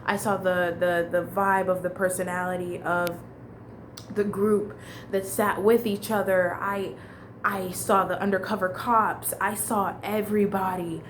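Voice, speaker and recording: A young woman tells her story in a loose, candid ramble, full of restarts and casual swearing. Her voice sits at a middle pitch, with faint noise in the background. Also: flat delivery, measured pace. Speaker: vlogger.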